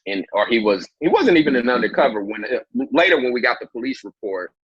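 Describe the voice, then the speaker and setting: A man's voice: brisk, breathy edge, no echo, dull audio. A man from Indianapolis, a comedian, telling a story in a casual interview and acting out quoted lines. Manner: animated storyteller, acts out quotes in a much higher voice. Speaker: guest, comedian.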